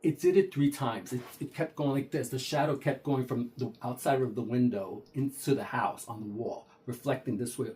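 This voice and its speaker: A man's voice: mid-range voice, moderate pace, few pauses, darkish tone. A man casually retelling a true ghost story, talking conversationally with frequent restarts and acted-out dialogue.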